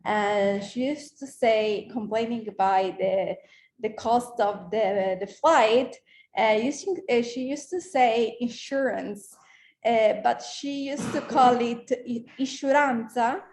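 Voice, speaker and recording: Woman, unhurried, slightly high voice, hesitant, echoey room. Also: a little mellow, a little hiss or hum. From Italy. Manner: hesitant, searching for words. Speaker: workshop participant. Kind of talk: casual storytelling.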